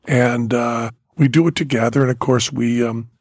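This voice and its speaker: A man's voice: medium pitch, steady tone, moderate pace, a little mellow, dry recording, clean studio sound. An older man hosting a casual chat, rambling and teasing his daughter. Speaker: podcast host.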